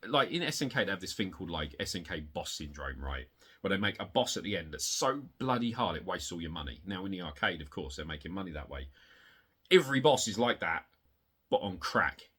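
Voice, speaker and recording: A man showing off his retro game collection in a casual, rambling way, excitable and swearing, getting worked up in rants, hot and sweaty. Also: fairly quick, husky. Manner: excitable, swearing, rants with big pitch jumps. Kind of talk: casual rambling show-and-tell.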